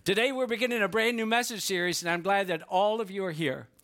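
Male pastor, bright and slightly high voice, folksy conversational sermon delivery. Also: fast. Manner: folksy storytelling, conversational asides. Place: church.

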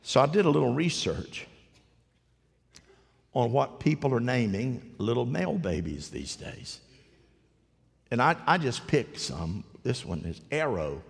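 A man's voice: medium pitch, sing-song, unhurried, creaky, long pauses, husky. A man preaching a sermon to a congregation, telling a story in a folksy, joking way and asking the crowd questions. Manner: folksy, storytelling, jokey asides. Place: large hall with an audience. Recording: long hall reverb.

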